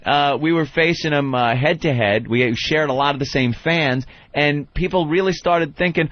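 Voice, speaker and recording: Male talk-radio co-host, blunt profane ranter, mid pitch, slightly muffled sound. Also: normal speed, hardly any pauses. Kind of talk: casual talk radio banter. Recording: slightly dull studio sound.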